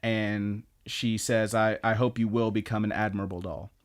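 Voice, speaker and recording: A man's voice: on the low side, moderate pace. Casual man animatedly recapping anime. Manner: animated storyteller, acts out lines, swears casually. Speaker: podcast co-host.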